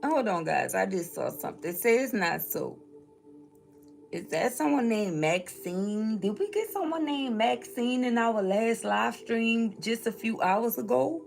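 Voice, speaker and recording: A woman's voice: on the high side, expressive, measured pace, creaky, soft background music. A woman from New Orleans, chatting casually through a tarot reading and laughing often. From New Orleans, Louisiana. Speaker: spiritual reader. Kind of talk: tarot reading live stream.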